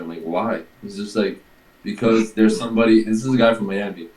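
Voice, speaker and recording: Low-voiced man telling a rambling story. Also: brisk, a little mellow, echoey room, rough recording. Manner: rambling storyteller, swears, acts out quotes. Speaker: guest telling a workplace story. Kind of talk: casual chat.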